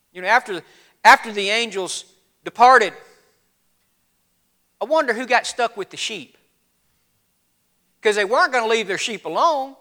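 A man preaching a sermon in a folksy, animated storytelling way, his voice getting cracky. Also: high-pitched. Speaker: pastor.

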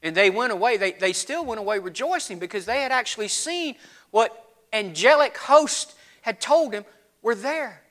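A man preaching a sermon in a folksy, animated storytelling way, his voice getting cracky. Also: high voice, normal speed. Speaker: pastor.

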